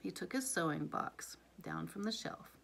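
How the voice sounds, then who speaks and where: A woman reading a bedtime story aloud to her child in a soft, hushed voice, often dropping to a whisper. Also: lowish voice, animated, unhurried, gravelly.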